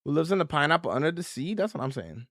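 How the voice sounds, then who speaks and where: Guy on a livestream chatting w/ viewers, hums while building, kinda high bright voice. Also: big pitch swings, fast, dry recording, clean studio sound. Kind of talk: casual livestream chat.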